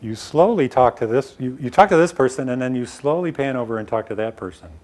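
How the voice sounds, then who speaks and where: A man's voice: mid-range voice, expressive, a little fast, darkish tone. A middle-aged man giving a live workshop talk on presenting science to a small room, direct and emphatic with casual asides. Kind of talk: live lecture to a small audience.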